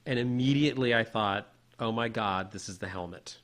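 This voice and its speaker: A man co-hosting a podcast, telling a personal story in a casual, animated way with many restarts. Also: on the low side, moderate pace. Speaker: podcast co-host.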